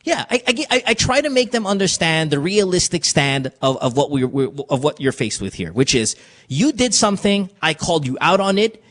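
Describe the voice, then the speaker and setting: A man hosting a radio advice show, talking bluntly and profanely in animated stories. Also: fairly high pitch. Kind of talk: casual radio talk.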